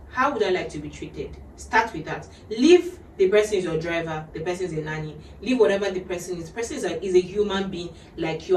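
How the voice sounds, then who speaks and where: A woman's voice: on the low side, a little mellow, slight background noise. Woman hosting a podcast, earnest and advising, echoey room, mic a bit far off. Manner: earnest, advising, laughs often. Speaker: podcast host. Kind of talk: casual podcast chat.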